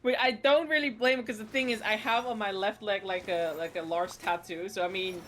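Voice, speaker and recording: A woman's voice: mid-range voice, fairly even intonation, fairly quick, fairly bright tone. A woman chatting casually, telling a story playfully with bursts of laughter. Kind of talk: casual chat.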